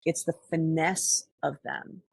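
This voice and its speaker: A woman's voice: low-pitched, fairly even intonation, takes it slowly, creaky, slightly rough, dry recording. A woman co-hosting a podcast, talking earnestly and reflectively in casual conversation, often restarting her sentences. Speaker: podcast co-host.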